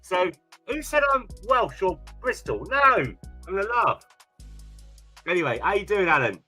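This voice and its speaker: A man's voice: high-pitched, huge pitch swings, normal speed, pushed and bright, breathy edge, soft background music. A middle-aged man, hosting a casual live stream and chatting in a teasing, talkative way. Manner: chatty, teasing, laughs often.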